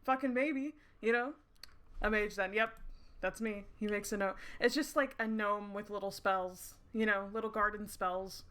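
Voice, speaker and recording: A woman's voice: medium pitch, steady tone, normal speed, a bit bright. A woman streaming a romance game, rambling in casual chat, giggling often and swearing freely. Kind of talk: casual let's-play chat. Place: indoors at her screens under dim night lighting.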